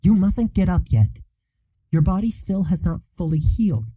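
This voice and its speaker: Caring woman school nurse, gently scolding, warm and soft-toned, a man reads her lines, for an audiobook. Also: medium pitch, expressive, normal speed, close to an everyday voice, low-quality recording. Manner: gently chiding, then reassuring.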